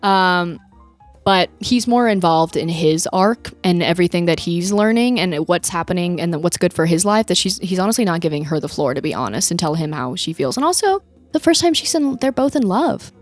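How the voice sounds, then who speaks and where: A young woman with a lowish voice talks through a movie in a relaxed podcast chat. She retells the scenes with animated energy. Soft music plays faintly underneath. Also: brisk. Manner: animated retelling with acted-out quotes. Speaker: podcast co-host. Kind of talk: casual movie-review chat.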